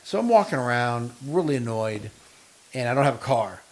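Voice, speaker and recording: A man chatting casually on a podcast as a co-host. He spins long, lively stories and acts out the other people in them with quoted lines. His voice sits at an ordinary middle pitch. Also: normal speed. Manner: long animated anecdotes with quoted dialogue. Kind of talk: casual chat.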